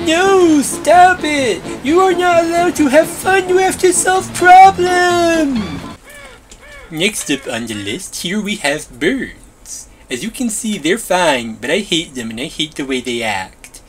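A performer doing a whiny, bossy little overseer who fancies itself a bee, in a game-video comedy. It drawls its orders slowly at a middling pitch. It bosses the builders around in childish, broken grammar. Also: big pitch swings, fairly bright tone. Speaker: boss directing the builders. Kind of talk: comedic machinima voice acting.

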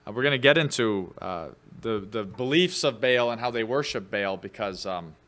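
A man's voice: on the low side, animated, normal speed, fairly bright tone. A man preaching a midweek sermon as pastor, teaching in a conversational way with fillers, and lifting his voice when he reads quoted scripture. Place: church.

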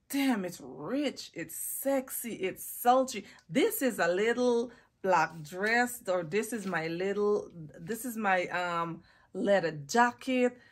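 A woman chatting casually in a perfume haul vlog, gushing and drawing out words for emphasis, recorded close on a phone or camera mic. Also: mid-range voice. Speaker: fragrance vlogger.

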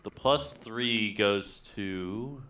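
A man running a tabletop game as game master, narrating and ruling in a halting way with many restarts. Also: on the low side, bright, forceful tone, clear, resonant tone. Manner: halting, full of restarts and fillers. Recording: dull lo-fi voice chat audio.

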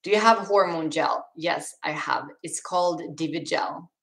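A woman's voice: low voice, normal speed, vocal fry, a bit bright, rough recording. A young woman with a Swedish accent, casually reading chat questions aloud on a live stream and answering them with restarts and laughs. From Sweden.

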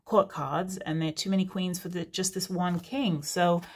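A woman's voice: fairly low pitch, steady tone, moderate pace. A woman giving a casual, frank tarot reading to her viewers, chatty with many fillers and asides. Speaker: tarot reader.

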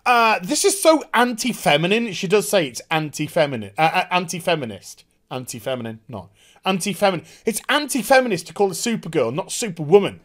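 A man giving a casual, animated and profane TV episode review. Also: high voice. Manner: animated, profane, quick impressions. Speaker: TV show reviewer.

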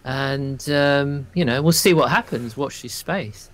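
A man from England, co-hosting a casual chat and talking hesitantly with frequent pauses. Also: mid-range voice, fairly bright tone. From southern England. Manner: hesitant, full of ums and restarts. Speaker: co-host.

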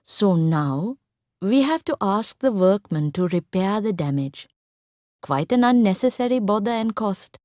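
A woman voicing a tall, composed stepmother who speaks in a cool, measured, quietly firm way in a read-aloud story. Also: medium pitch, animated, no room sound, clean studio sound, natural voice.

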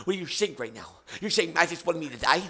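A man's voice: a little high, lively intonation, fast talker, creaky, sharp tone, husky. A man hosting a comedic painting stream, talking in a stammering, overwrought way. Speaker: stream host.

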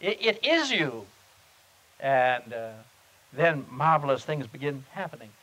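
A man's voice: mid-range voice, big pitch swings, a bit bright, rough recording. Earnest male pastor telling a story. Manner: earnest, unhurried, halting storyteller. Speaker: pastor and seminar speaker. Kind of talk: sermon-style teaching with storytelling. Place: seminar meeting.

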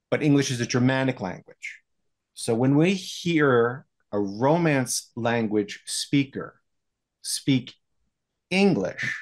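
An American man explaining voiceover coaching in a podcast interview, telling stories in a lively way. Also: fairly low pitch.

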